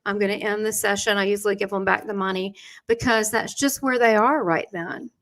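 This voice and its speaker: Bright-voiced woman telling stories. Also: mid-range voice, brisk. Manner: animated anecdotes with quoted dialogue and frequent restarts. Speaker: host and spiritual medium. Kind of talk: live online chat, storytelling.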